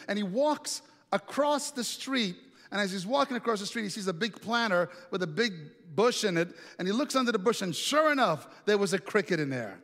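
A male pastor tells a story from the pulpit in an easy, chatty way, often turning to ask the congregation questions. His voice sits on the high side for a man. The sound carries a long reverb from a large hall. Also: expressive, fairly quick, fairly bright tone. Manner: conversational, asks the congregation questions. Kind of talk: storytelling sermon.

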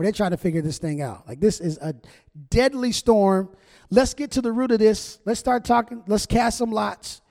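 A man preaching a sermon as a pastor, conversational and animated, acting out the quotes he reads. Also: sits high, long reverb tail.

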